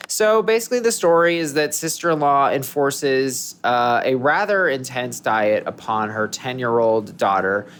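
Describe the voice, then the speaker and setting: A man's voice: mid-range voice, animated, unhurried, hardly any pauses, fairly bright tone, a little hiss or hum. A man co-hosting a podcast in casual chat, rambling, restarting his sentences and joking as he goes. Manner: rambling, self-interrupting, jokey. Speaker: podcast co-host.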